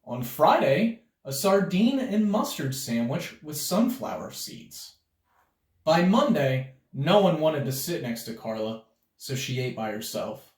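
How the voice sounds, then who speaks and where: A man reading a children's picture book aloud in a lively, expressive way. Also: on the high side, unhurried. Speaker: storybook reader. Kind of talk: read-aloud children's story. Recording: roomy sound from a distance.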